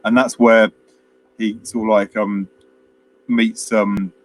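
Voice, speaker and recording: A man's voice: lowish voice, flat delivery, slow, a little hiss or hum. A man, chatting casually as a podcast co-host and retelling film scenes at length with many fillers. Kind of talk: casual film review chat.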